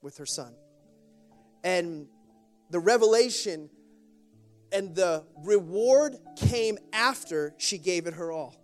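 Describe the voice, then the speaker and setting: High-voiced pastor telling stories from the pulpit. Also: male voice, animated, slow pace, pauses often, faint music behind. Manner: conversational storytelling with repetitions and call-and-response. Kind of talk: sermon. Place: church sanctuary with a congregation.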